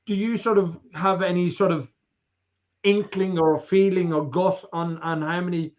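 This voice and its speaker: A man's voice: sits high, fairly even intonation, moderate pace, dull audio. A man with an Irish accent hosting a charity auction livestream, joking and teasing his guest while reading out viewer comments. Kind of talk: casual livestream banter.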